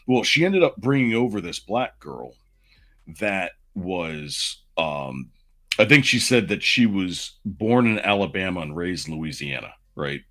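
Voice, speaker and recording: A man in his forties with a low, lively voice tells a long story on a podcast. He rambles through asides in casual storytelling fashion. His pitch swings widely as he goes. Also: unhurried. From Southern United States. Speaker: podcast co-host.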